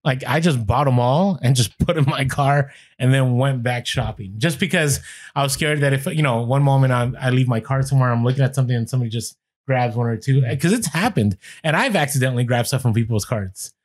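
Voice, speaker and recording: Relaxed man with a Latino accent. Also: medium pitch, brisk, no room sound, clean studio sound. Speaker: podcast co-host. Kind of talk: casual podcast chat.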